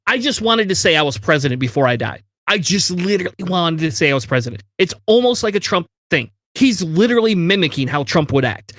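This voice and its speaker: A man with a high voice rants angrily on a podcast, swearing as he goes. The sound is dry and close, with no room in it. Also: big pitch swings, brisk, hardly any pauses, fairly bright tone, no echo. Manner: angry, ranting, swears. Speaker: podcast co-host. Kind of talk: heated political discussion.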